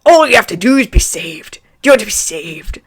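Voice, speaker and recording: A woman's voice: medium pitch, very animated, a little fast, breathy edge. A woman voicing a kind, preachy giant man with a put-on accent in a fanfic reading. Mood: beaming. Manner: loud, beaming, put-on accent.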